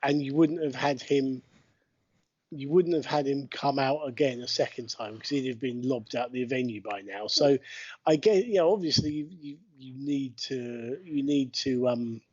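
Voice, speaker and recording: A man co-hosting a casual watchalong, describing the action play by play with quick asides. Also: medium pitch, no room sound, muffled recording. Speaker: podcast co-host.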